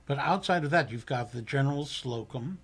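A man hosting a live radio talk show, halting and often repeating his words. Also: medium pitch, husky. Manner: halting, repeats words, instructs a new board operator. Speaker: radio host.

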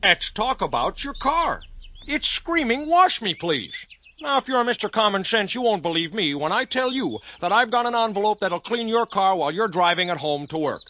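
A man playing a hard-selling ad pitchman. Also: big pitch swings, normal speed, bright, forceful tone, dry recording, heavily acted. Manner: hard-sell salesman patter. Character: fast-talking male ad pitchman.

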